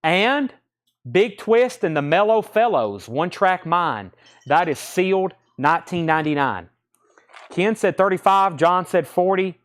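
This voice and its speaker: A man's voice: high-pitched, lively intonation, measured pace, a bit bright. A man hosting a live record sale, rattling off titles and prices and calling out buyers' names. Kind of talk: live sales patter.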